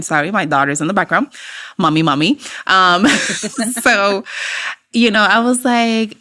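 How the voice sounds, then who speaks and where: A woman's voice: on the low side, moderate pace. A woman with an accent, a mother and guest, telling her story casually and acting out the dialogue with laughs. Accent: non-native English accent. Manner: animated, acts out quoted dialogue with laughs.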